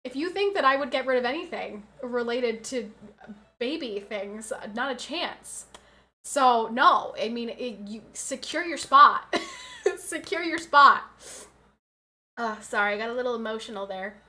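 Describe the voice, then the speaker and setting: A woman's voice: on the high side, sing-song, unhurried, sharp tone. A woman in her twenties chatting casually on a livestream, reading out and answering chat with frequent laughs. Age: 20s.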